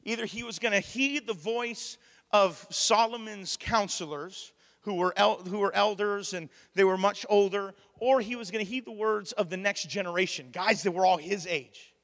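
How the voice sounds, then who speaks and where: A man, preaching a lively sermon and acting out the voices he quotes. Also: sits high, moderate pace. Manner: animated, plays out quoted voices, laughs often. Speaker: pastor. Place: church hall. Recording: long hall reverb.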